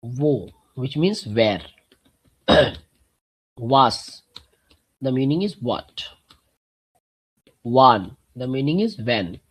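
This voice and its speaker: Slow husky man teaching German. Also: medium pitch, lively intonation, poor audio. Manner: slow, explains step by step, clears throat often. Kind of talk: online language lesson.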